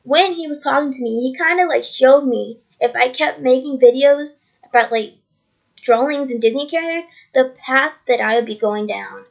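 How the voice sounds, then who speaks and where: Recording a casual faith testimony vlog at home on her computer's microphone, a woman speaks at a normal speed in a high-pitched voice with vocal fry. She's earnest and rambling, often repeating herself.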